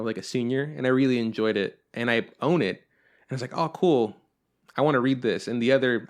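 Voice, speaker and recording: A man's voice: medium pitch, a bit bright. A young adult man hosting a podcast, chatting casually in a rambling way, with lots of swearing and filler words. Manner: rambling and profane, with frequent fillers. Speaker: podcast host. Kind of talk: casual chat.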